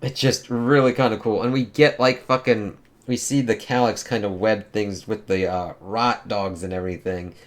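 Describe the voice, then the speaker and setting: A man's voice: lowish voice, fairly even intonation, normal speed, few pauses. A man giving a casual, profane comic book review, talking loosely with lots of fillers.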